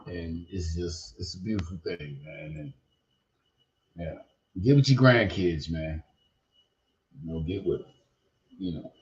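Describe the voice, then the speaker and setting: A man's voice: low-pitched, unhurried, pauses often, darkish tone, muffled recording. An older man hosting a podcast, talking in a loose, rambling, slangy way full of profanity and "you know what I mean.". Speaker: podcast host. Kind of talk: casual livestream chat.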